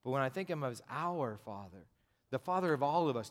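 A man's voice: mid-range voice, expressive, a little fast. A pastor preaching a sermon in a direct, conversational way, driving his points home with emphatic repetition. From United States.

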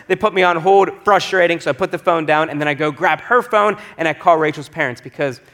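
A pastor in his thirties telling a story from the pulpit, with a voice a little higher than most men's. He keeps the story lively and slips into the voices of the people he describes. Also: brisk. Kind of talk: storytelling sermon.

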